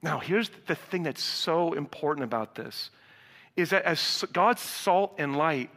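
A man preaching a sermon to a live congregation, animated, acting out dialogue and swinging from loud to hushed. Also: on the high side, a little slow. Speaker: pastor. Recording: reverberant hall sound.

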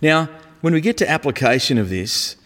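A man's voice: a little high, animated, moderate pace, a bit bright. A man preaching a sermon in a conversational, emphatic way, sometimes dropping casual slang. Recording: echoey hall.

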